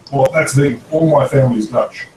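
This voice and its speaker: Man, halting chatty delivery, roomy distant sound with faint hiss. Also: mid-range voice. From Australia. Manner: hesitant, many fillers. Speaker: panel guest. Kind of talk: casual live-stream chat.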